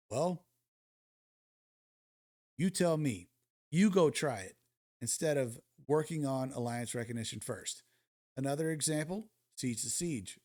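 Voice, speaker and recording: A man's voice: medium pitch, a little mellow. A man recording casual ad-lib commentary over mobile game footage for his channel, blunt and swaggering, firing rhetorical questions at his viewers. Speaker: gaming YouTuber.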